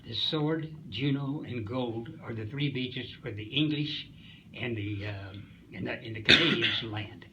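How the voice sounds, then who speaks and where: A man's voice: medium pitch, measured pace, bright, forceful tone, muffled recording, a little hiss or hum. A man in his nineties from Missouri, a wartime Coast Guard veteran, telling his stories in an interview in a folksy, rambling way with hesitations. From Springfield, Missouri, USA. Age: 90s. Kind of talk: storytelling interview.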